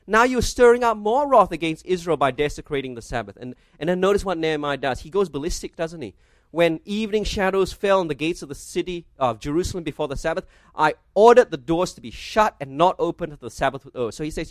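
Pastor, male, slightly high voice, dry close-miked sound, expository sermon with rhetorical asides. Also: lively intonation, fast talker, no echo. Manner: expository preaching, reads scripture aloud, asks the congregation rhetorical questions.

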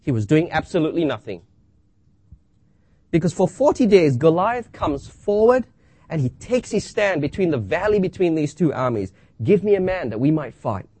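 Lively preacher man in dry room. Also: a little high, breathy edge, dry recording. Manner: expository preaching with rhetorical questions, dramatic pauses. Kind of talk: sermon.

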